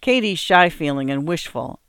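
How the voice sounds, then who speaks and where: A woman's voice: deep voice, very animated, moderate pace, a bit bright, smooth, no echo, studio quality, full character voice. A woman reading aloud and voicing a kind-hearted, hardworking farmer in old rural dialect, earnest and homely in manner. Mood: gentle. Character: kindly hardworking farmer man, cheerful yet grieving.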